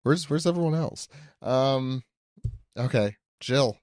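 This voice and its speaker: A man hosting a podcast, asking guests questions with stammers, laughs and quick interjections. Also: mid-range voice, darkish tone, no echo. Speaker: podcast host. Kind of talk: casual podcast chat.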